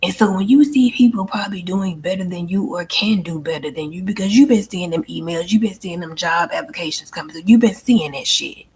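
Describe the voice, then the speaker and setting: A woman's voice: lowish voice, fairly quick, few pauses, darkish tone, husky. A woman hosting her own channel, venting bluntly and emphatically in a casual monologue, often swearing and repeating herself. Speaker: channel host and life coach.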